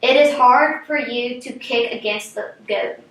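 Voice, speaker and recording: A woman's voice: on the high side, measured pace, a bit bright, distant mic. Young woman reading scripture in an echoey room. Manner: reads plainly, stumbles on names. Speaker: scripture reader.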